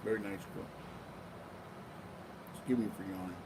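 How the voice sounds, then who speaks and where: A man's voice: sits low, steady tone, normal speed, distant mic. An older man chatting in a meandering, casual way as he vlogs from home, now and then cooing to his cats. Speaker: vlogger. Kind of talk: rambling casual vlog. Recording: noisy home recording.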